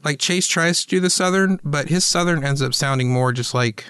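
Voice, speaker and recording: A man's voice: on the high side, moderate pace, fairly bright tone, clear, resonant tone, no echo, studio quality. A man hosting a casual interview, who talks in a rambling way with many restarts. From Atlanta, US South. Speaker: podcast host.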